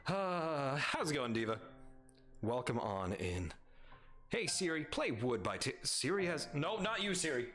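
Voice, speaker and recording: A man's voice: fairly high pitch, measured pace. Young guy streamer yapping at chat, swears a lot, voice bounces all over, faint music playing. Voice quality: animated, swears freely, laughs often, reads chat aloud. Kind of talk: casual livestream chat.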